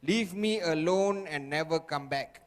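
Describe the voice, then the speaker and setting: Casting: emphatic sales trainer, man with a high voice, long hall echo. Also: unhurried. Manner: emphatic, repetitive, constant "okay?" checks with audience. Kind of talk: motivational seminar talk. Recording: echoey hall.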